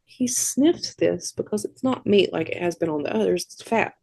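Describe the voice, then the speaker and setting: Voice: medium pitch, moderate pace, vocal fry, no room sound. A podcast co-host chattily recapping a film scene by scene, tossing in wry asides. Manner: chatty, animated storytelling with asides. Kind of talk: casual movie recap.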